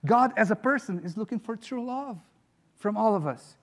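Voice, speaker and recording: Male pastor, high voice, earnest emphatic sermon, church stage mic. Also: expressive, normal speed. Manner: earnest, emphatic preaching with rising questions. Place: church sanctuary.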